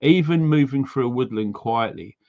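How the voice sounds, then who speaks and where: A man's voice: mid-range voice, lively intonation, normal speed, darkish tone, muffled recording. Chatty man hosting a livestream. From United Kingdom. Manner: chatty, reads viewer names and places aloud, frequent ums. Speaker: livestream host. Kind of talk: casual livestream chat.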